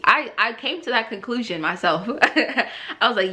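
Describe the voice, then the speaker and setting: Young female vlogger, casual testimony, lively swinging pitch, chatty and heartfelt, frequent laughs. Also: normal speed. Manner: emotional, rambling, laughs often, many fillers. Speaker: vlogger sharing her faith testimony.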